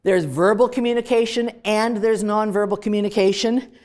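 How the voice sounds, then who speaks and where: Speaking to her class at a moderate pace, a Canadian-accented woman professor lectures in a classroom with a medium-pitched voice. Her style is lively and emphatic, leaning on certain words for effect.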